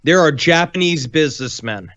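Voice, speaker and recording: A man's voice: on the high side, animated, normal speed, a bit bright, dry recording, dull audio. A man co-hosting a podcast, rambling in casual banter with jokey asides. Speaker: podcast co-host.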